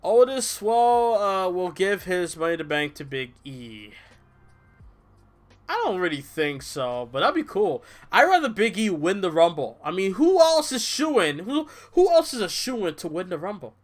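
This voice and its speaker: A man's voice: high voice, a little slow, soft background music. A young man casually reviewing a wrestling show on a livestream, rambling, swearing and tired from little sleep. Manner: rambling, animated, swears, mimics people in quotes.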